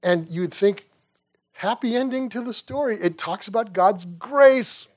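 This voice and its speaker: Animated, slightly high-voiced male Bible teacher. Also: a little slow. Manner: animated storytelling with rhetorical questions; casual, with restarts and asides. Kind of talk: conversational Bible lesson.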